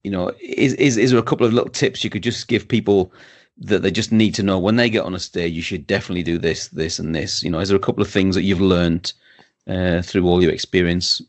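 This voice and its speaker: A man's voice: deep voice, steady tone, fast. A man hosting a podcast interview, eager and agreeable, often restarting his sentences. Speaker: podcast host. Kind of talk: casual interview chat.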